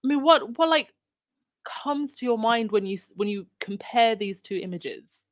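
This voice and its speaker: A woman's voice: fairly high pitch, lively intonation, moderate pace, no echo, clean studio sound. A woman hosting a live audio chat, talking casually and handing over to callers.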